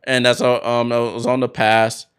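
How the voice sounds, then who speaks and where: A man hosting a basketball watchalong, calling the plays as an excited fan with sudden bursts of hype. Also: mid-range voice, moderate pace, smooth. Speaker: watchalong host doing play-by-play. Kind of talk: fan play-by-play commentary.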